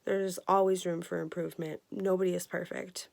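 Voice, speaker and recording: Emotional young woman with a gravelly voice. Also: on the low side, flat delivery, a little mellow. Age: 20s. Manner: emotional, earnest, halting with fillers. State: emotional, near tears. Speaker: vlogger. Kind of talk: personal health update vlog.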